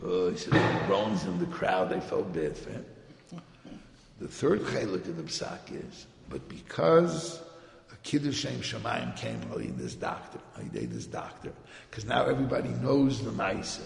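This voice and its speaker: A man telling a religious tale to a gathering in a lively, conversational way, acting out the voices of the people in his story. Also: fairly low pitch, moderate pace, vocal fry. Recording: roomy hall with long reverb.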